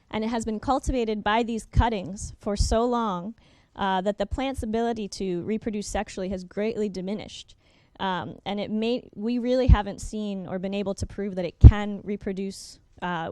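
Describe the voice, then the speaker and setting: Over slides at a workshop, a young adult woman presents in a smooth, clear voice of medium pitch and dark tone. She moves quickly, filling pauses with ums and uhs and correcting herself by restarting sentences. The recording is dry and close, with no room echo.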